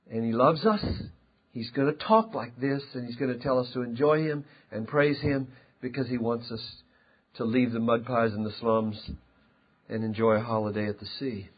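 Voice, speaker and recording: A male pastor preaching a sermon, emphatic and impassioned, swinging between loud and quiet. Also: fairly high pitch, slightly rough. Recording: dull lo-fi sound.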